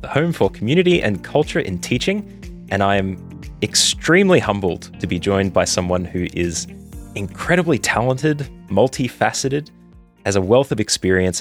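A man hosting a podcast interview, enthusiastic and a little halting. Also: on the low side. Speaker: podcast host.

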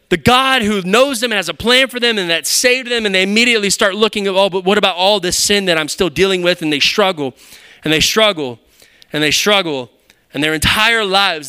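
A man preaching a sermon in a church, animated and conversational, with frequent rhetorical questions to the congregation. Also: high-pitched, clear, resonant tone. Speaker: pastor. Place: church sanctuary.

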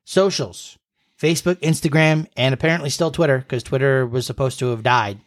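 Man, thirties, medium pitch, casual home podcast co-host, rambling, chuckly. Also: brisk. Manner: rambling storyteller, chuckles often. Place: home room.

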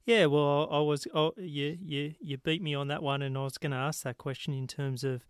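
A man's voice: on the high side, steady tone, clean tone, no room sound, clean studio sound. A man interviewing a guest casually, repeating words and restarting as he frames his questions. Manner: halting, repeats words while framing questions.

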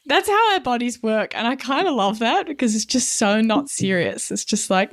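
Lively, giggly woman career coach. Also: mid-range voice, moderate pace, no room sound, clean studio sound. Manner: animated, giggly, playful. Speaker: career coach and podcast co-host. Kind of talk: casual chat.

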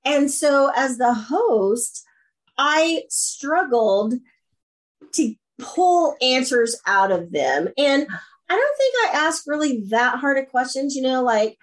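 A middle-aged woman, guest on a podcast, chats casually and tells her stories with energy. Her voice sits a little high and she swings it up and down as she quotes people. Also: slow. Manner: animated storyteller, acts out quoted voices. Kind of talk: casual interview chat.

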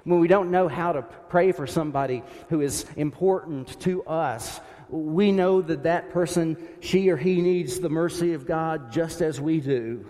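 Slow-speaking male preacher in a reverberant church. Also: a little high. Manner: slow, reflective, drops soft on prayers. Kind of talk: sermon. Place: church sanctuary behind a pulpit.

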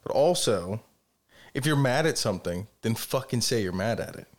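A man's voice: medium pitch, animated, moderate pace. Blunt, swearing man in casual chat. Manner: blunt and opinionated, swearing often. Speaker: podcast co-host.

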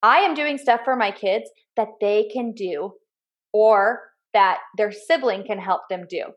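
A woman in her thirties co-hosting a casual podcast, telling animated stories and acting out her kids' voices. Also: medium pitch, measured pace, lo-fi sound. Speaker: podcast co-host. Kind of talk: casual chat.

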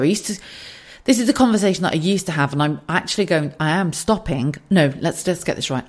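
Low-voiced chatty woman, sweary and candid. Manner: chatty, swears freely, animated asides and laughs. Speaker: podcast host. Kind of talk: casual solo podcast chat. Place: home kitchen.

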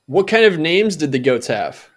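A man's voice: on the high side, big pitch swings, moderate pace. A man co-hosting a podcast, asking dry, wry questions in casual chat. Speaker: podcast co-host.

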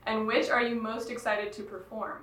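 A woman's voice: a little high, little pitch movement, moderate pace, fairly bright tone, roomy sound, far from the mic, slight background noise. A woman choral director talking about the show's music in an upbeat way, laughing often. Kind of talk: podcast interview.

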